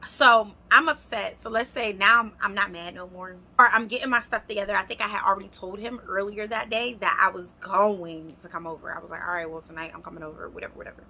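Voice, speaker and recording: Young woman vlogger, bright and lively, addressing viewers directly. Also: medium pitch, fast talker, few pauses. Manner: animated, talks straight to viewers. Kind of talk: storytime vlog, casual chat.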